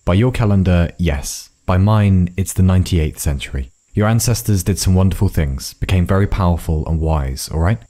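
A man's voice: deep voice, moderate pace, hardly any pauses, warm tone. A man doing a blunt, weary old woman. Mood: impatient. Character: gruff, hard-drinking old woman guide.

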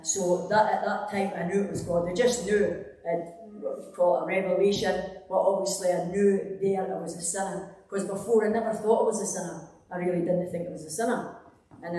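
A woman's voice: on the low side, dark tone. Scottish woman, rambling church testimony, very echoey hall, distant from the mic. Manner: rambling, conversational, with many fillers and restarts. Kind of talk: personal testimony in a church service.

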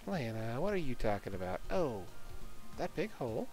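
A man's voice: medium pitch, sing-song, moderate pace, a little mellow, soft background music. A man voicing a cheerful, giggly teenage schoolgirl in a bubbly, sing-song way while reading game dialogue aloud.

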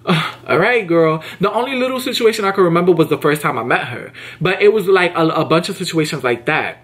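A young man telling a casual storytime to camera, slangy and emphatic, often jumping his pitch up high to act out what people said. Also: fast talker. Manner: animated, slangy and emphatic, acts out quotes with big pitch jumps. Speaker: vlogger.

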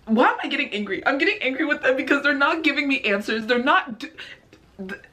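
Female reaction host, fairly high and animated, rambling and incredulous. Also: quick pace. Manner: exasperated, rambling, incredulous questions. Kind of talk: casual commentary.

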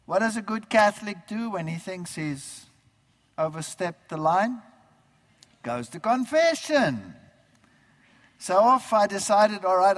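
This German preacher has a high voice and gives his testimony as a storytelling sermon. He's an animated storyteller who acts out remembered dialogue, and the recording carries a long hall reverb.

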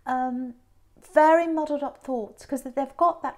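A woman's voice: sits high, steady tone, unhurried. A woman giving a tarot reading who muses aloud, repeats phrases and often restarts. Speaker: tarot reader.

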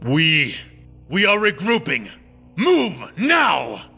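A man's voice: high voice, lively intonation, a little slow, pushed and bright, soft background music, heavily acted. A man voicing a furious middle-aged Jedi master who barks orders and growls through clenched teeth, in a storybook reading. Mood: commanding.

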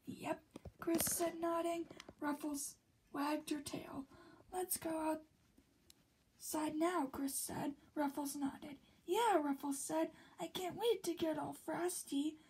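A woman reading a children's picture book aloud, slipping often into a soft whisper between the characters' lines. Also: high voice, steady tone, slow pace, low-quality recording.

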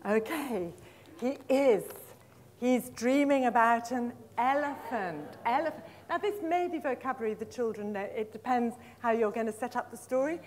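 A middle-aged woman leading a live teacher-training workshop in a conference room, lively and encouraging, praising the audience and drawing out words slowly as she repeats them. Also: fairly high pitch, a little hiss or hum. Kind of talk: live workshop demonstration of storytelling with flashcards.

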